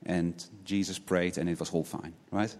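A man's voice: low voice, steady tone, moderate pace, a little mellow. A man preaching a sermon in an earnest way. He often repeats words as he restarts and tags his points with rhetorical questions. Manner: asks many rhetorical questions, tagging points with "right?". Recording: long hall reverb.

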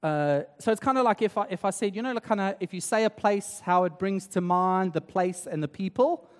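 Pastor, male, raised in South Africa; high-pitched, conversational sermon delivery, long reverb of a church hall. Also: brisk. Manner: conversational, tag questions like "right?".

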